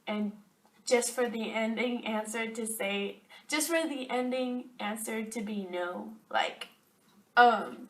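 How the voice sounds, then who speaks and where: A woman's voice: medium pitch, fairly bright tone. A young woman chatting to camera, ranting about her job with lots of fillers, recorded a little far from the mic. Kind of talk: casual chat to camera.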